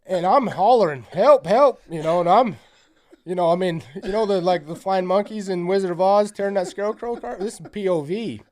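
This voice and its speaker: A man's voice: sits high, fairly quick, a little mellow. A man from Utah, a hunting guide, telling a story as a podcast guest in a rambling, profane way, full of fillers like "you know" and "like". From South Central Utah. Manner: acts out quoted lines. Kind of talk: casual storytelling.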